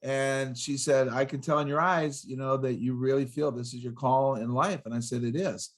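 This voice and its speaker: An excitable older man in his sixties talks as a motivational speaker, his voice sitting in an ordinary middle pitch. He rattles off rhyming catchphrases and punchy lines, hopping from one story to the next in a lively podcast chat. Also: moderate pace. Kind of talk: energetic podcast interview.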